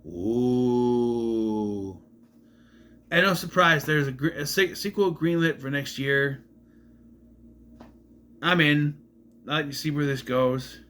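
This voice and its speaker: A man's voice: on the high side, fairly even intonation, measured pace, pauses often, bright, forceful tone. A man casually reviewing a film to camera, rambling, restarting his sentences and swearing bluntly. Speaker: movie reviewer.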